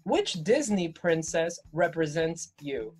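A woman's voice: low voice, big pitch swings, slow pace, a little mellow, slightly rough, soft background music. A woman hosting a casual interview, asking questions in an upbeat, playful way. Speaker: host.

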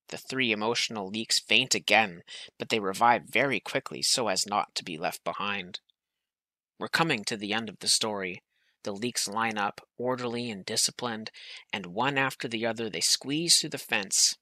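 A man reading a children's picture book aloud in a gentle storytelling manner. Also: lowish voice, moderate pace, no room sound. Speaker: reader.

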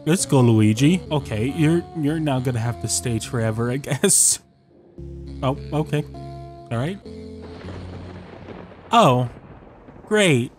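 A man's voice: medium pitch, animated, slow, long pauses. A young man playing a rhythm game at home, swearing, ranting and repeating himself when he keeps losing. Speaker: gaming YouTuber. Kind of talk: profane frustrated gameplay commentary. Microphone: desk mic, sometimes moved away. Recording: faint game music behind.

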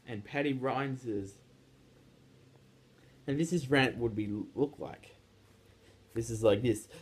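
A man's voice: mid-range voice, slow, slightly rough. A teenage boy ranting casually to his viewers, rambling with frequent restarts and repeated words. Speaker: YouTube ranter. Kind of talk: casual rant vlog.

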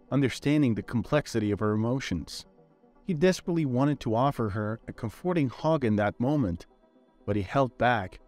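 A man giving a scripted story narration in a measured, even manner. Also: medium pitch.

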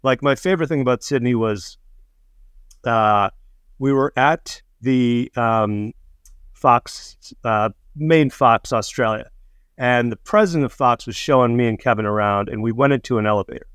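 A storyteller guest casually recounts a funny road story, acting out the voices of the people in it and laughing mid-story. His smooth, mid-range voice moves at a moderate pace, recorded clean in a studio with no room sound.

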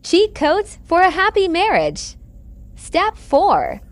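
A woman announcing segment titles in a bright, sing-song way. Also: very high-pitched, huge pitch swings, slow pace, no room sound.

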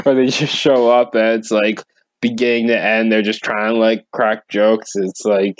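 A man with a halting, restart-filled way of speaking who laughs often, co-hosting a casual podcast chat. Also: fairly low pitch, fairly even intonation, no room sound. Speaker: podcast co-host.

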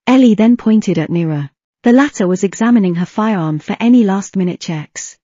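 A woman narrating a fan fiction audiobook with a steady reading pace and an occasional slip. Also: medium pitch, moderate pace, husky, no room sound, dull audio.

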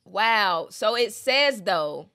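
A young woman, chatting expressively in a casual lyric breakdown and reading lyrics aloud slowly. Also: mid-range voice, animated, pushed and bright. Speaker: music reaction host.

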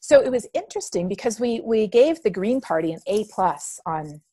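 A middle-aged woman from Canada, a podcast guest telling stories in a lively conversational way. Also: mid-range voice, normal speed, no room sound. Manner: animated storyteller acting out quoted dialogue.

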